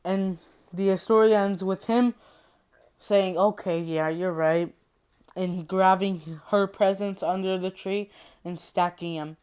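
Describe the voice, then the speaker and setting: A woman's voice: medium pitch, steady tone, slow, a little mellow, clean tone. A woman casually summarizing a horror book, rambling and repeating herself. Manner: rambling, repetitive, giggly. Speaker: youtuber retelling a book.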